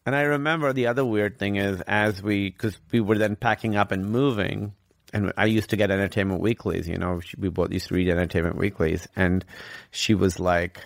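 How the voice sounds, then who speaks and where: A man guest in an interview, telling a personal story in an earnest, reflective way with halting restarts. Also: fairly low pitch, steady tone, vocal fry, dry recording, clean studio sound.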